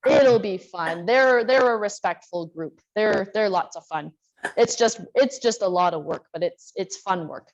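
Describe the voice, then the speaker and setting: A woman's voice: mid-range voice, a little slow, highs cut off. A woman instructor running a live online exercise class, chatting about her week while calling out moves and breathing cues. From Canada. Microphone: video call.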